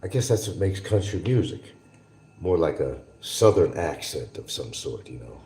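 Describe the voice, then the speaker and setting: Very deep-voiced older man rambling. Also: big pitch swings, moderate pace, dark tone, a little hiss or hum. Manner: opinionated, drifting, talks to viewers. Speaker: livestream host. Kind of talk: rambling casual monologue.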